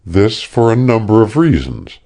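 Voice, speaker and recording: A man voicing a calm, sad young woman in an audiobook. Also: fairly low pitch, normal speed, pitched above the performer's own voice.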